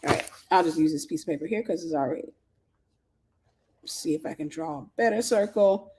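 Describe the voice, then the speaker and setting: A woman's voice: lowish voice, lively intonation, fairly quick, a little mellow, a little hiss or hum. A woman hosting a faith-based livestream, teaching conversationally, quoting scripture and thinking aloud as she explains. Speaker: ministry host and mentor. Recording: roomy echo.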